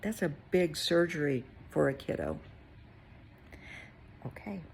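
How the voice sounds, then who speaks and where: A woman therapist telling a client story in a casual, conversational way, with gentle emphasis. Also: low-pitched, lively intonation, takes it slowly, creaky, slight background noise.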